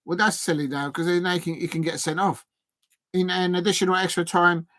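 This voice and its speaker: A man hosting a live football watch-along, chatting with viewers and getting excitable, even shouting, at big moments in the match. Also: high-pitched, a little fast, no room sound. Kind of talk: live match reaction and chat.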